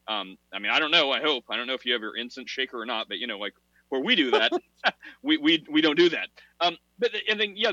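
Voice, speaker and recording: A man's voice: medium pitch, bright, forceful tone, dry recording. A man co-hosting a casual religious discussion podcast, talking in long rambling runs full of fillers and laughing at himself. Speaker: podcast co-host. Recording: dull, dry podcast audio.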